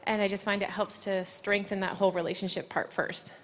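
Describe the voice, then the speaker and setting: A woman's voice: mid-range voice, level tone, a little fast, soft background music. A woman in her thirties, an award-winning horse trainer, answers questions on stage at a ceremony and talks emotionally, close to tears. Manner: emotional, holding back tears. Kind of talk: live on-stage interview.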